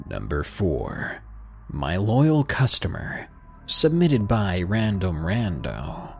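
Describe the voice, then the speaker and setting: A male podcast narrator reads a listener's scary story with drama and dry sarcasm. His mid-pitched voice moves expressively, with faint music underneath. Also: very animated, slow pace, vocal fry. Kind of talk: scripted horror story narration.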